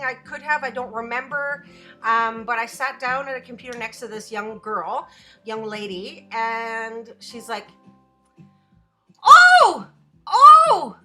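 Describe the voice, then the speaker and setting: An adult student with a fairly high voice rants casually on her live stream. She's animated and swears, stopping now and then to answer her chat.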